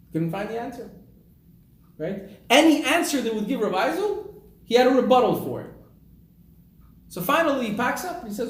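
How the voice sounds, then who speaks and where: A man's voice: high voice, very animated, moderate pace, long pauses. A man, a rabbi, tells a story in a sermon, sprinkling in Hebrew terms, in an echoey room. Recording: echoey room with faint ambience.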